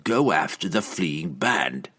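A man voicing a grim, cunning male assassin in an audiobook, speaking in a low, measured way. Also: sing-song, pushed and bright, full character voice.

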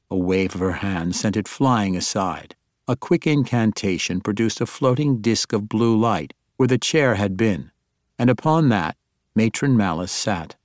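Guy reading a fantasy audiobook, calm and even, lowish voice, super dry mic. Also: a little slow, no room sound. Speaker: narrator. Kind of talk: audiobook narration.

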